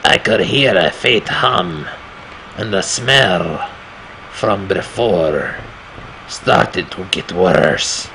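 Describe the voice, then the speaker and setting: A man putting on a strained, raspy voice to read a game's horror narration slowly and grimly. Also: deep voice, expressive, pushed and bright, slight background noise, heavily acted, poor audio. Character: gravelly grown man narrating his own horror story.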